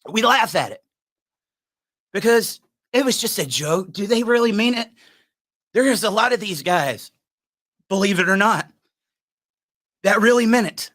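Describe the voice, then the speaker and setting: A man hosting a podcast, delivering a fired-up, preachy monologue that climbs into shouts. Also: high voice, expressive, a little slow, pauses often. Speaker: podcast host.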